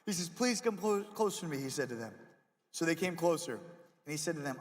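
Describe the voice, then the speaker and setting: A young man giving a jokey, animated chapel sermon to middle schoolers, often acting out voices as he goes. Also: on the high side, a little fast. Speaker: youth pastor. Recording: echoey hall with long reverb.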